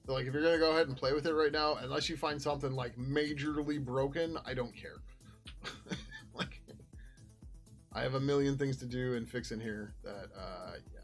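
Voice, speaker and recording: A man's voice: medium pitch, steady tone, fairly quick, faint music behind. A man walking viewers through his code on a casual live stream, talking loosely, trailing off and restarting, and swearing now and then. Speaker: software developer streaming his work.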